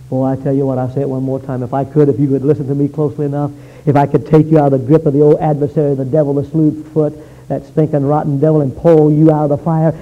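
A man preaching an evangelistic sermon, telling a story and swinging from hushed to loud. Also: medium pitch, flat delivery, fast talker, highs cut off.

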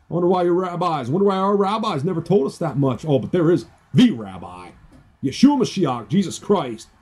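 Fervent preaching man, husky mellow voice. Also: a little high. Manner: fervent, preachy, quotes scripture in King James wording. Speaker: evangelist giving testimony. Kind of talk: preached personal testimony.

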